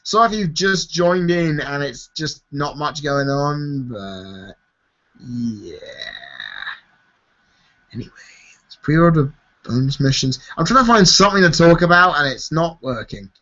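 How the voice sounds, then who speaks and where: A man's voice: a little high, animated, a little slow, bright, forceful tone. Tired guy on a lo-fi live stream. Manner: casual, swears freely, laughs often. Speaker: YouTube host answering viewer questions. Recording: dull lo-fi stream audio.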